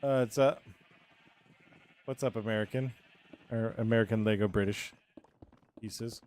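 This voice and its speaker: A man's voice: on the low side, fairly even intonation, unhurried, darkish tone, a little hiss or hum. A man chatting casually on a live game stream, rambling and answering his viewers' chat as he plays.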